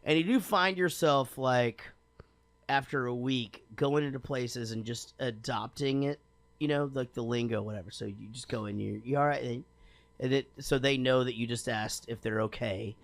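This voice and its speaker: A man's voice: medium pitch, normal speed, no echo. A man co-hosting a podcast, chatting in a laid-back, joking way. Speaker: podcast co-host. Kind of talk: casual chat.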